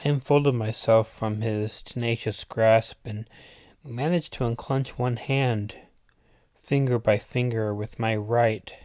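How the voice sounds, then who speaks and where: A man telling a spooky story at a slow, unhurried pace, each line laid out with care. His voice sits in a middling register and sounds close and dry, with no room around it. He breaks off now and then for an aside to his listeners. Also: medium pitch, fairly even intonation, darkish tone, no echo. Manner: unhurried, deliberate reading with asides. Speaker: channel host reading his own story. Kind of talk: storytelling narration.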